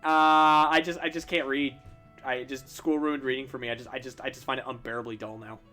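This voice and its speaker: Rambling young man, bright voice. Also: mid-range voice, steady tone, fairly quick, soft background music. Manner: rambling, stumbling restarts, self-deprecating laughs. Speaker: streamer answering chat questions while drawing. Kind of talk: casual chat.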